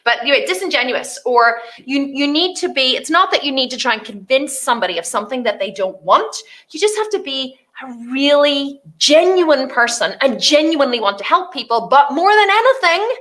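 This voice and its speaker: A woman's voice: high-pitched, sing-song, a little fast, a bit bright. A woman business coach hosting a solo podcast, talking casually and animatedly, swearing freely and acting out the voices of people she describes.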